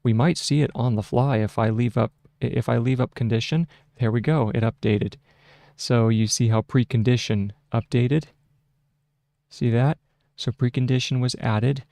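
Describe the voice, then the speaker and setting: A man's voice: medium pitch, fairly even intonation, gravelly, dark tone, no echo. A man hosting a casual shorthand tutorial, thinking aloud at his desk into a close microphone, with frequent fillers and restarts. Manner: slow, halting, with many fillers and restarts. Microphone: close desk microphone with a mute button.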